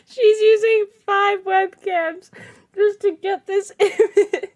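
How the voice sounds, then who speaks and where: Very high-voiced giggly woman streamer. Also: steady tone, slow pace, darkish tone. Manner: giggly, laughs constantly through her words. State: laughing to tears. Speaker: game streamer. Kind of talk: casual live-stream chat, reading viewer comments aloud. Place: home streaming setup.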